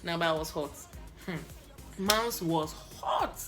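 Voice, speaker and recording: A woman from Africa telling a story in a lively vlog, acting out both sides of her phone calls. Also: fairly low pitch, slow pace, over music. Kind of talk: animated story-time vlog.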